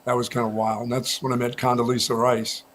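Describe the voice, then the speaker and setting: A man's voice: medium pitch, fairly quick. Guy cohosting sports radio, easygoing storyteller, faint hiss behind him. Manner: relaxed storytelling, frequent restarts. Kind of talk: casual sports talk. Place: radio studio.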